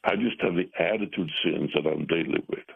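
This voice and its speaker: A pastor speaking as a radio guest over the phone, earnest and halting, with many pauses and fillers. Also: male voice, rumbling low, creaky, husky, no echo. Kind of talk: radio call-in conversation. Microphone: telephone. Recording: tinny phone line.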